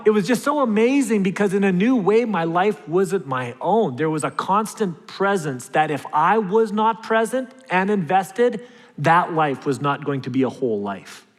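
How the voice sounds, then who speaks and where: A man preaching a sermon as pastor, telling personal stories with humor and lively swings in his voice. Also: big-room sound. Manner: storytelling with humor, animated pitch swings. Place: church sanctuary.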